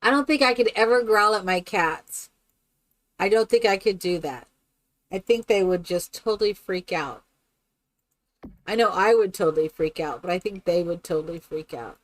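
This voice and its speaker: A woman streaming a game who chats casually and tells stories in an animated way. She laughs often and keeps asking "right?". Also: mid-range voice, moderate pace. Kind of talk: casual chat while playing a game.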